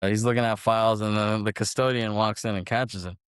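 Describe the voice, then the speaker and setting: A man's voice: fairly low pitch, fairly even intonation, fairly quick, smooth, no room sound, clean studio sound. A man co-hosting a podcast, casually retelling film scenes in a rambling way and laughing now and then. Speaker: podcast co-host.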